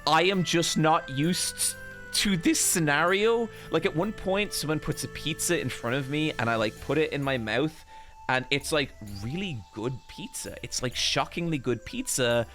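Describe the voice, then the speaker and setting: A man with an Irish accent hosting a podcast, telling an embarrassing story in a casual, animated, self-deprecating way and swearing freely. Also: fairly high pitch, normal speed, faint music behind. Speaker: podcast host.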